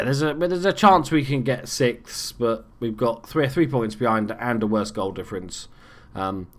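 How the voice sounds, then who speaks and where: A young man giving casual, sweary commentary on his football management game as host. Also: mid-range voice. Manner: swears freely, reacts loudly to plays. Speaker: let's play host.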